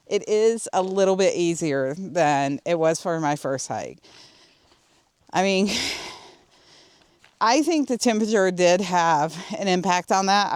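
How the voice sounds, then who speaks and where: A woman's voice: on the low side, darkish tone, smooth, no room sound. A woman chatting casually on a hiking trail, laughing often and getting out of breath on the climbs. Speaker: vlogger. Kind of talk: casual hiking vlog talk. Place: outdoors on a desert trail.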